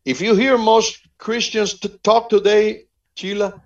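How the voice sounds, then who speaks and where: A man's voice: high voice, flat delivery, unhurried. A man from Cuba, an evangelist guest, speaking fervently in a preaching style and repeating phrases for emphasis. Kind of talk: preaching-style interview talk. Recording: muffled lo-fi audio.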